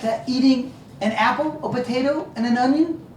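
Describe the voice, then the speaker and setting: A woman's voice: high-pitched, normal speed, a little hiss or hum, close to an everyday voice. A woman playing an eager patient who keeps reciting trivia, chirpy, in a stage comedy. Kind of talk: community theater comedy. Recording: echoey stage from far off.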